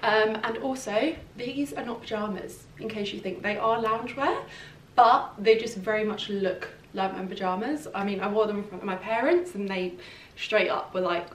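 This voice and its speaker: A woman's voice: mid-range voice, moderate pace. Gushing British woman, echoey room. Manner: chatty and gushing, full of "like". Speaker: fashion vlogger. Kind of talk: casual try-on haul chat. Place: at home in her flat. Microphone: camera mic set a little way off. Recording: roomy echo, distant mic, faint room hum.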